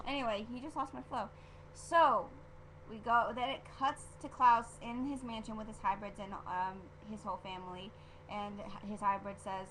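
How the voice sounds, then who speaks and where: A woman vlogging a casual episode review, rambling and gushing as an excitable fan, with lots of fillers and restarts. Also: medium pitch, normal speed, slight background noise. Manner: filler-heavy with frequent restarts. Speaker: TV show reviewer.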